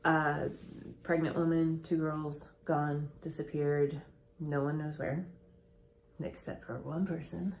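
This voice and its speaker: A woman's voice: low voice, little pitch movement, takes it slowly, darkish tone, a little hiss or hum. Woman telling a true-crime story. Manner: chatty, recounts events with quoted voices. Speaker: podcast co-host and storyteller.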